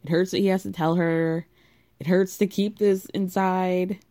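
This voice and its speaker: A woman's voice: on the low side, level tone, a little slow, mellow. A woman with a contralto voice giving a sarcastic, gossipy recap of a reality TV show in a casual way.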